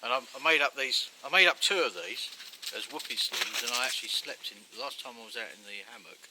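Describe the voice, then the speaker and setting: A man's voice: mid-range voice, expressive, quick pace. A man in the woods explaining his hammock gear to a friend, earnest and a bit stammering. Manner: earnest, technical, stammering restarts. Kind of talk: casual explaining chat. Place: outdoors in woodland. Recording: outdoor noise behind.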